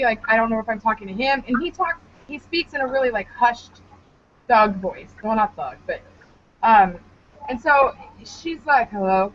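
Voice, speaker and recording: High-voiced woman telling a wild story. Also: a little hiss or hum. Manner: animated, profane, laughs a lot. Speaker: podcast co-host. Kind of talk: casual comedic storytelling. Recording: dull lo-fi podcast audio.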